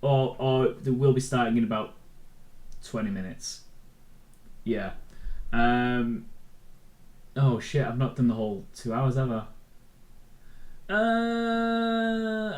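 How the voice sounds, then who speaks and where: A man in his twenties, chatting casually on a livestream at a middling pitch. He rambles from one comment to the next, joking as he goes and talking directly to his viewers. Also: darkish tone, poor audio. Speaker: streamer and show host.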